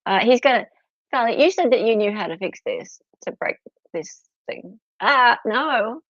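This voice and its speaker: A woman's voice: fairly high pitch, animated, moderate pace, fairly bright tone, dry recording. A middle-aged Australian woman hosting a casual livestream from home, chatty and giggly as she greets her viewers. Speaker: livestream host. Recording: slightly dull lo-fi audio.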